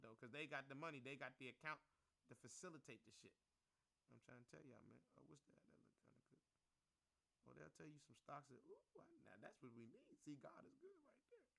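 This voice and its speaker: A man's voice: fairly high pitch, bright, forceful tone, clear, resonant tone. A man giving rambling, profane, slang-heavy commentary as a stock market live-streamer.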